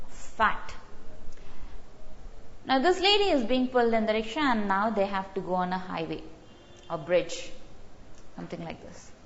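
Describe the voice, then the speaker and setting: A woman's voice: mid-range voice, slight background noise. Female tutor, repeats vocabulary, slightly muffled lo-fi audio. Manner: repeats key words, explains through stories. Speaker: GRE vocabulary teacher. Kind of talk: online class lecture.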